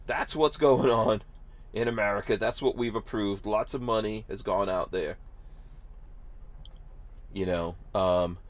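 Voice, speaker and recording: A man's voice: on the low side, measured pace, long pauses, no echo. A man hosting a podcast, chatting casually about the news with sarcasm and frequent laughs. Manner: sarcastic, laughing often, filler-heavy. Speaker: podcast host.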